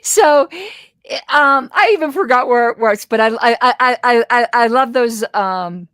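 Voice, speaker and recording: A woman with a slight lisp, a guest in a casual interview, talking in an animated way with stumbling restarts. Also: a little high, measured pace, clear, resonant tone, dry recording, studio quality.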